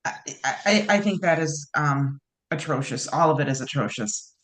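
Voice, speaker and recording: A woman co-hosting a podcast in casual chat, measured and hesitant with many ums. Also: low voice, animated. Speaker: podcast co-host.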